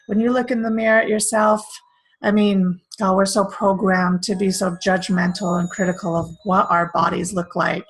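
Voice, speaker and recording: A woman's voice: fairly low pitch, husky, poor audio. A middle-aged woman hosting a casual spiritual self-care talk, earnest and rambling, with many fillers. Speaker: self-care course host.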